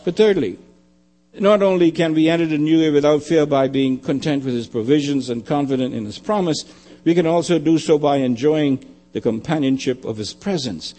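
A man preaching a sermon, emphatic and repetitive, often dropping to a quiet low. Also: normal speed. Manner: emphatic, repeating phrases, dropping to quiet lows.

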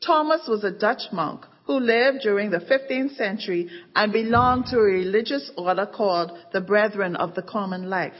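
Woman narrating in an echoing hall. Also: mid-range voice. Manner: measured storytelling with dramatic emphasis. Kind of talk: scripted narration. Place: church event stage. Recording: dull recording in an echoing hall.

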